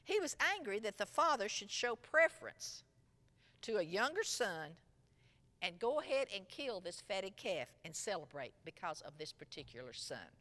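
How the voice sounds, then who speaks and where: A woman teaches a Bible lesson, retelling a story with plenty of expression. Her pitch rises and falls freely. A long reverb hangs behind her voice, as in a large room. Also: very animated, moderate pace, sharp tone. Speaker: Sunday school teacher.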